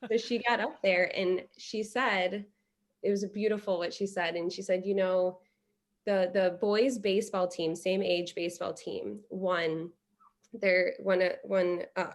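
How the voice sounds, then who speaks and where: Woman guest, young adult, animated storyteller, conversational, plenty of restarts. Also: lowish voice. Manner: animated, many restarts and quoted dialogue. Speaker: podcast guest.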